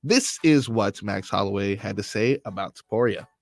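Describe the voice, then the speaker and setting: Low-voiced laid-back radio co-host. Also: male voice, normal speed, creaky, no room sound. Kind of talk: sports radio banter.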